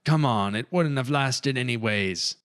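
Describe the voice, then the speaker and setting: A man's voice: medium pitch, unhurried, fairly bright tone, clear, resonant tone, voice pushed up, lightly acted. A man voicing a laid-back male crewman who makes dry, offhand remarks in an audiobook. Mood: wry.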